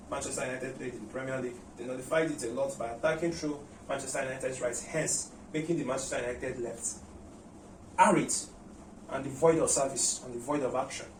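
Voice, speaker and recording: A man giving a tactical football match preview, talking in an animated way, repeating words and using many "you know" fillers. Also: mid-range voice, slight background noise. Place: room at home. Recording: roomy echo, mic at a distance.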